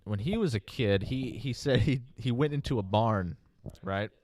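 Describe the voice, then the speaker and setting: A young man co-hosting a casual podcast chat, laid-back and slangy, with halting starts. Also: medium pitch, darkish tone. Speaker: podcast co-host.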